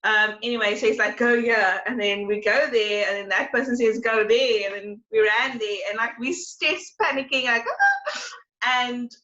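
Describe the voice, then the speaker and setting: A young woman from South Africa co-hosts a podcast, rambling through a story in a chatty way. Her voice is bright and fairly high, and the audio sounds slightly dull and lo-fi. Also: lively intonation, measured pace. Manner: rambling, chatty, lots of fillers. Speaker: podcast co-host. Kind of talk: casual storytelling chat.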